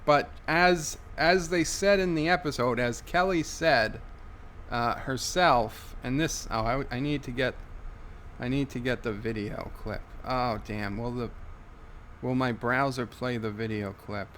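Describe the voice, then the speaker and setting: A man hosting a livestream, reading viewer comments aloud in a halting, wry way. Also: medium pitch, fairly bright tone, slight background noise. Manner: halting, many fillers and restarts, wry. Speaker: livestream host.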